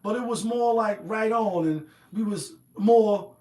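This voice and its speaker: High-voiced man ranting in echoey room. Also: unhurried, darkish tone, slight background noise. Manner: streetwise, profane, rambling opinion talk. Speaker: host. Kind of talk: casual monologue.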